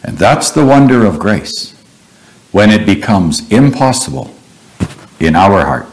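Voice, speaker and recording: A man preaching a sermon, retelling Bible stories in a slow, measured, earnest way. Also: fairly low pitch, poor audio.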